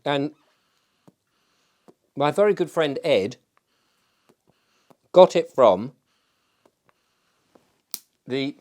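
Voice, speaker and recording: A man's voice: a little high, expressive, drawn-out words, pauses often, dark tone. A man, hosting his own show in a casual, rambling, self-mocking chat as he smokes a pipe. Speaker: show host.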